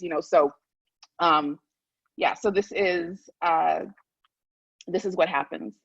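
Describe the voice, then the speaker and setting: Woman author reading slowly. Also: on the low side, slightly rough, dull audio. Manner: measured, deliberate reading with a slowed pace. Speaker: author and guest. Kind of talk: conversation and reading from her own memoir.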